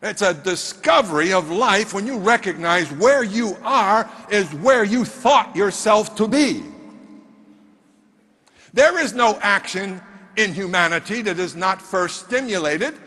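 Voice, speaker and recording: A man speaks from a stage in a large hall, his bright, high voice swooping with lively pitch as he pushes motivational points. He leans on rhetorical questions to the crowd, and long reverb trails every phrase. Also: a little slow.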